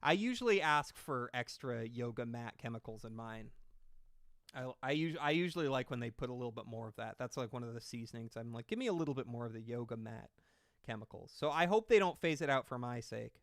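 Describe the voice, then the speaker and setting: A man's voice: medium pitch, lively intonation, brisk, clear, resonant tone, dry recording, clean studio sound. A man doing casual reaction commentary, rambling and sarcastic with lots of swearing.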